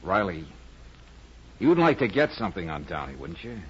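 A man's voice: deep voice, sing-song, moderate pace, a bit bright, a little hiss or hum. A man playing a cool, wisecracking private detective in a 1940s radio drama. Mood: wry. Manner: dry wisecracks. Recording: dull old radio broadcast.

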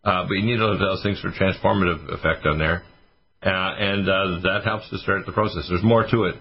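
A man with a deep, slightly raspy voice talks as a radio health doctor. He rambles through long lists of remedies, filling pauses with "uh". The audio is muffled and lo-fi. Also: fairly even intonation. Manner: rambling, lists supplements with many fillers. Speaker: doctor answering listener questions. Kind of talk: casual radio call-in advice.

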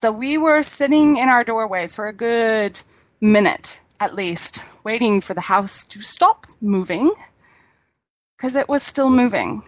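A woman's voice: fairly high pitch, lively intonation, a little slow, no echo. A middle-aged woman, chatting as a guest, telling stories and laughing easily. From New Zealand. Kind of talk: casual chat.

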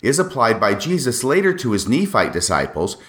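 A man hosting a solo podcast, explaining scripture passages in a measured way with wry asides. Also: medium pitch, huge pitch swings, fairly bright tone. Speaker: podcast host.

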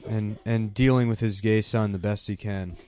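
A young man co-hosting a casual chat, cracking crude jokes in a deadpan way. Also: fairly low pitch, normal speed, a little hiss or hum. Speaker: podcast co-host.

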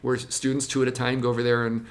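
Lively music teacher explaining methods. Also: mid-range voice, quick pace. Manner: lively, switches into acted classroom voices. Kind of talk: explanatory interview talk.

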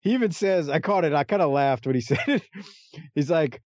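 A man's voice: on the high side, fairly quick, no room sound, highs cut off. A man co-hosting a podcast, chatting casually about a wrestling match and acting out the wrestlers' lines. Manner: animated, acts out wrestlers' lines in a raised voice.

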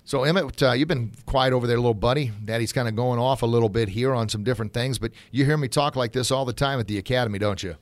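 Speaking fast with hardly any pauses, a medium-pitched middle-aged man calls his listeners folks as he passionately and earnestly hosts his podcast; he also runs a martial arts academy. The recording is dry.

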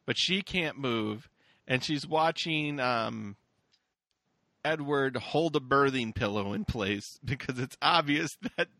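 A man's voice: medium pitch, bright, forceful tone, no echo. A man co-hosting a podcast, recapping a film in casual chat, joking and laughing often. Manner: jokey, laughs often, does mocking voices. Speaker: podcast co-host.

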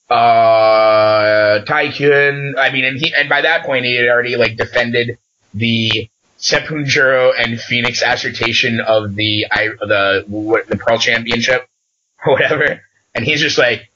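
A man in casual chat, recapping a game session as an animated storyteller who acts out the dialogue he quotes. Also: medium pitch, moderate pace, lo-fi sound.

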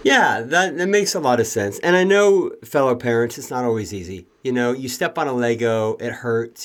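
A male host in a relaxed conversation, speaking at an ordinary mid pitch. He asks questions plainly and offers friendly reassurance to other parents. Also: normal speed, hardly any pauses. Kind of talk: casual interview chat.

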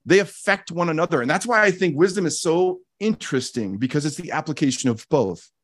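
A man with a slightly high voice talks through his ideas in a reflective, teaching way, the way a podcast host would. He is earnest, often restarts his sentences, and repeats key phrases for emphasis. The sound is dry and close, with no room echo. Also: animated, a little fast. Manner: frequent restarts and casual fillers.

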